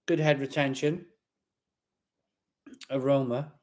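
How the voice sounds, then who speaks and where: A man's voice: medium pitch, fairly even intonation, slow, darkish tone. A man hosting a live beer tasting from home, chatting casually to viewers in front of his laptop and often repeating himself. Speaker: beer reviewer livestream host. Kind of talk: casual live-stream chat. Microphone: laptop webcam.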